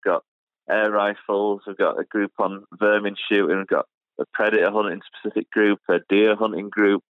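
In this casual interview chat, a man from the United Kingdom who runs a shooting channel speaks as a guest over the phone. His lowish voice holds a level tone at normal speed, with no room sound. His British delivery is hesitant and packed with fillers and restarts.

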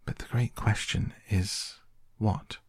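A man's voice: on the low side, fairly even intonation, husky, dry recording, clean studio sound, voice pushed up. Alice, a man reading as a polite young girl. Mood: earnest, polite. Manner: polite, slightly flustered, quickening when anxious.

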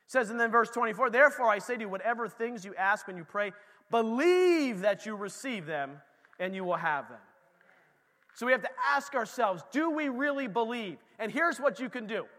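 Man, pastor, sermon, high voice, echoey church hall. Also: normal speed. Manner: lively, conversational preaching, talking straight to the congregation.

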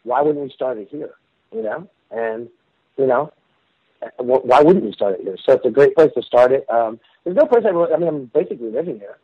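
As a guest in a casual phone interview, the rock singer swings his medium-pitched, husky voice widely up and down, speaking a little fast. He tells his stories in a rambling, casual manner, restarting often and using many fillers. The recording is a dry, tinny phone line.

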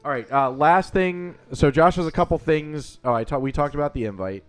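A man hosting a podcast, moving through the topics and tossing in quick crude jokes. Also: a little high, clean tone, faint music behind. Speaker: podcast host. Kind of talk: casual chat.

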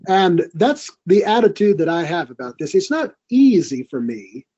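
A man's voice: sits high, sing-song, moderate pace, hardly any pauses, dark tone, muffled recording. A man speaking as a guest in a studio conversation, earnest and encouraging. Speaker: podcast guest. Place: recording studio.

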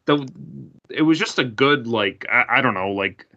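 A man co-hosting a podcast in a bright, forceful voice, chatting casually and leaning on "like" in almost every phrase. The recording is dull and lo-fi. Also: mid-range voice, lively intonation, normal speed. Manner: filler-heavy, says like constantly. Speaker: podcast co-host. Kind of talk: casual chat. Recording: dull lo-fi sound.

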